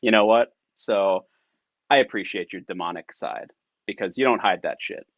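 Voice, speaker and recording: A man's voice: fairly low pitch, moderate pace, dry recording, highs cut off. A man improvising a comedy scene, incredulous and teasing, blunt and profane. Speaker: improv performer.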